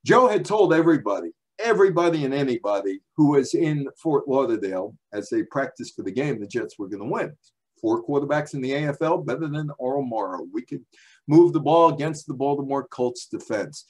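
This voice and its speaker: Animated and fairly quick, this mid-range male voice has a darkish tone. It belongs to a man likely in his sixties from the New York area, presenting a chatty library talk with slides that's full of stories, asides and rhetorical questions.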